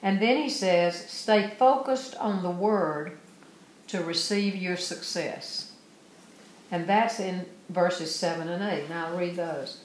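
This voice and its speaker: Woman preacher, lowish voice, reads a verse then breaks it down, roomy echo with a faint hum behind. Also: slow pace. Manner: reads verses aloud then explains them earnestly. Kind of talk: sermon with scripture reading.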